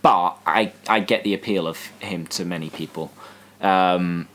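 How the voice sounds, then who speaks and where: A man's voice: sits low, unhurried, fairly bright tone, slight background noise. A young man co-hosting a podcast, chatting with enthusiasm and running through examples. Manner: enthusiastic, lists examples, finishes the other's sentences. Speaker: podcast co-host. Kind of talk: casual chat.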